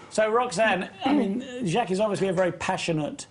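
British male host, husky and slightly high, polite interjector. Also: unhurried. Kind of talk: casual interview.

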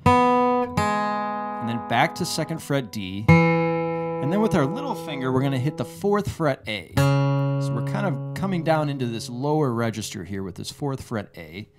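A man teaching a guitar lesson, explaining a lick step by step in a measured way, often restarting his phrases. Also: medium pitch, sing-song. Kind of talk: relaxed instructional explanation. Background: guitar playing.

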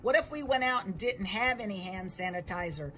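A woman giving a children's Bible lesson as a church teacher, telling the story with slow emphasis. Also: mid-range voice, expressive, a bit bright, faint music behind, low-quality recording.

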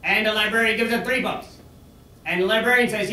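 Eager male joke teller, bright high voice, echoey far mic. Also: moderate pace. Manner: eager, rambling joke delivery. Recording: echoey room, distant mic.

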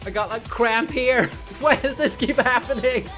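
A host giving a casual reaction commentary, excitable, bursting into gasps, shrieks and the odd swear word. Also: a little slow, faint music behind. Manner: lively, jumpy pitch.

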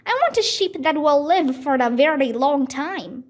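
A woman voicing a high, earnest little prince. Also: expressive, normal speed. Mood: insistent. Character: tiny boy prince from another world, earnest and insistent.

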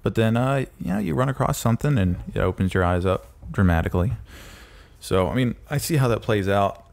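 A man co-hosting a podcast in casual chat, talking haltingly with many pauses and restarts. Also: fairly low pitch, animated, vocal fry, darkish tone. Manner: hesitant, lots of ums and restarts. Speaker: podcast co-host.

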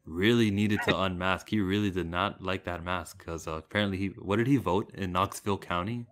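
A man with a low, deep voice co-hosting a casual podcast. He banters easily and likes to joke around. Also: fairly even intonation, a little fast, fairly bright tone. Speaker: podcast co-host.

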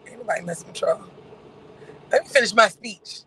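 A man's voice: high-pitched, fairly quick, sharp tone, a little hiss or hum, rough recording. A man on a casual livestream, ranting in a sarcastic, repetitive way and laughing between phrases. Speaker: livestream host.

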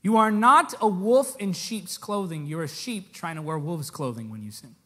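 A male preacher delivers a sermon with a high, bright, forceful voice. He talks straight at the congregation, hammering his points with rhetorical questions. His words ring out with a long reverb in a large church hall. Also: moderate pace. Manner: direct, emphatic, rhetorical questions.

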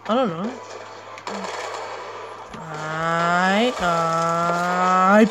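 A young man commentating his own gameplay, chatty and excitable, with sudden yelps between rambling asides. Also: sits high, a little slow. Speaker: gamer. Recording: clear background noise.

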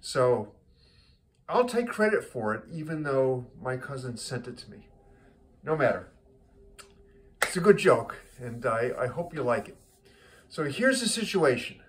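A man's voice: mid-range voice, big pitch swings, a little slow, long pauses, slight background noise. A man casually telling a joke, rambling and often repeating his words. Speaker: joke teller.

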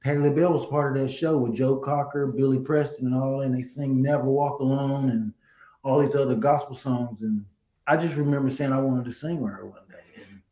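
A middle-aged man, a guest singer, telling stories in a casual interview, animated and laughing. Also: mid-range voice, brisk, echoey room, low-quality recording.

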